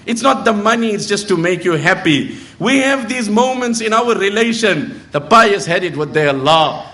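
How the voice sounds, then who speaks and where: A middle-aged male preacher with a noticeably high voice delivers a sermon. He tells stories and acts out the people in them, now and then reciting verses in Arabic. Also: expressive, moderate pace, hardly any pauses, a bit bright.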